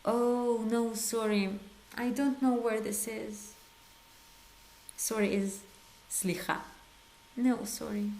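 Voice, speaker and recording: A woman teaching an online language lesson, coaxing learners with quiz prompts and slow drilled phrases. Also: medium pitch, vocal fry, darkish tone. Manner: switches between slow drilled phrases and quick repeats. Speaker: Hebrew teacher.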